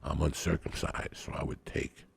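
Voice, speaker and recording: A man telling a rambling, profane comic story on a podcast in a laid-back way. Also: moderate pace.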